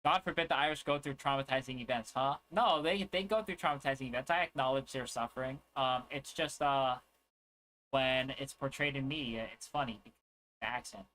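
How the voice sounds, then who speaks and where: A man's voice: medium pitch, fairly quick, fairly bright tone, low-quality recording. A young man chatting casually on a livestream, rambling and joking with crude asides. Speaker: streamer.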